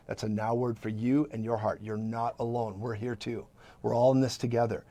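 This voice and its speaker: A man preaching fervently on a live broadcast, emphatic, repeating lines and adding quick asides. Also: medium pitch, steady tone, mellow, soft background music. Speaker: prophetic minister and broadcast host.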